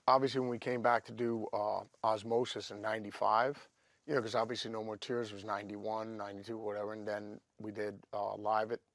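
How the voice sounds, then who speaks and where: A man who is a guest guitarist, telling stories in a rambling, animated podcast chat. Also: fairly low pitch, a little fast, no echo. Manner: animated, rambling, lots of fillers. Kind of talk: casual storytelling chat.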